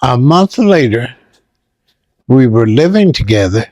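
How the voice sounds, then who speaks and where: An older man telling stories in an interview, lively and acting out sounds and voices. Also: medium pitch, a little slow, no echo. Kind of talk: animated storytelling.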